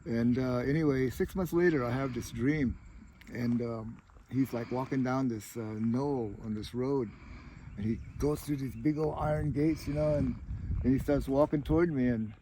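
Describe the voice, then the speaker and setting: A man's voice: medium pitch, moderate pace, warm tone, slight background noise, poor audio. Rambling man telling stories outdoors. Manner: rambling, many "you know" fillers. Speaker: tribal chair candidate. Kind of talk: casual storytelling interview.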